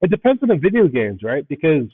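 A man's voice: fairly high pitch, big pitch swings, fast talker, breathy edge. A man co-hosting a casual movie review podcast, easygoing and thinking aloud as he talks. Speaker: podcast co-host. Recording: tinny phone-like line.

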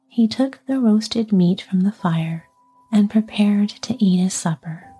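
A woman reading a fairy tale aloud in a soft, calm whisper. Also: mid-range voice, takes it slowly, slightly rough, soft background music. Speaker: storyteller. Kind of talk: whispered storytelling.

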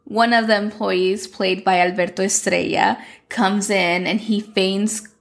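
A woman's voice: medium pitch, fairly even intonation, unhurried, vocal fry. A young woman casually recapping a series plot, chatty and full of "like", acting out the characters' lines. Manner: chatty, fills with "like", acts out quotes. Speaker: show recapper.

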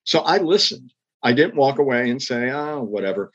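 An older man recounting his career in an interview, his voice a little husky at mid pitch. He speaks earnestly and reflectively, lifting into emphatic rises. The recording sounds slightly muffled and lo-fi. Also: normal speed. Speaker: interview guest, former public TV executive. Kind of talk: storytelling interview.

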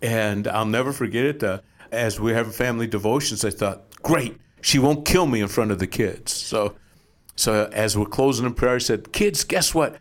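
A middle-aged man, a pastor, telling a personal testimony as an animated storyteller with quick asides. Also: on the low side.

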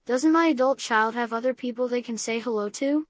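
A woman voicing a weary mother who is fed up and grumbling, in a deadpan comedy reading. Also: a little high, a little fast, no room sound, lightly acted. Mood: exasperated.

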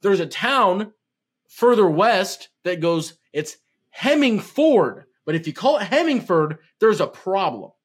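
Nebraska guy on a hoops podcast, kinda high voice, goofy and self-deprecating. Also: very animated, slow, husky. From Nebraska, USA. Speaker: podcast co-host. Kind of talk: casual basketball podcast chat.

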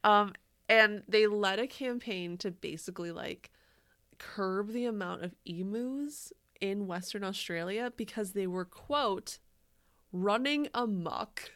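A woman's voice: medium pitch, unhurried, fairly bright tone, smooth. A woman co-hosting a casual podcast, talking in a loose, rambling way. She giggles often and drops the odd swear word. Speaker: podcast co-host. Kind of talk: casual chat.

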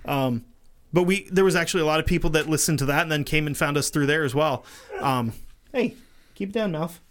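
A man's voice: fairly high pitch, steady tone, quick pace, fairly bright tone. A man hosting a true crime podcast in casual chat, swearing freely, rambling and laughing often. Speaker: podcast host.

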